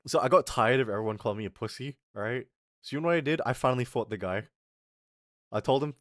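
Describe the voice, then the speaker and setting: A young man telling a story on his stream, swearing a lot and swinging between mutters and yells. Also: medium pitch, fast talker, dry recording, studio quality. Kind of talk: casual storytelling rant on a live stream.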